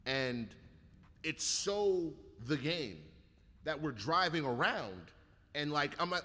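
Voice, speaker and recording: A bright, lively man rattles off profane comic stories, jumping between his own voice and the people he quotes. He sounds short on sleep. His voice carries a long hall reverb. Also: fairly high pitch, slow pace. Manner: animated, profane, acts out quotes. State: sleep-deprived. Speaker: comedian guest. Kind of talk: casual comedic storytelling.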